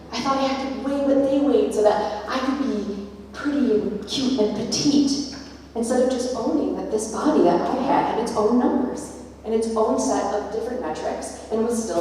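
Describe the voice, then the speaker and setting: A middle-aged woman giving a keynote talk at a conference, animated and acting out the voices she quotes. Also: a little high, slight background noise. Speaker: keynote speaker. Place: large conference hall. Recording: echoey hall, far from mic.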